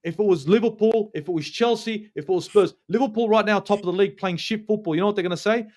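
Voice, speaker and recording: A man with an Australian accent and a voice pitched a little above the usual male range. He hosts a fan match review in a heated, ranting way, cursing freely and hammering points home by saying them twice. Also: fast, few pauses, darkish tone. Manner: ranting, swears a lot, repeats himself for emphasis. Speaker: football channel host.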